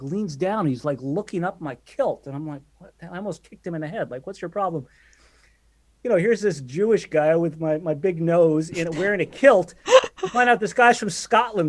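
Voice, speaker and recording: A man, the guest drummer, telling casual stories in a podcast interview, talking in halting bursts with many restarts and fillers. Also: a little high.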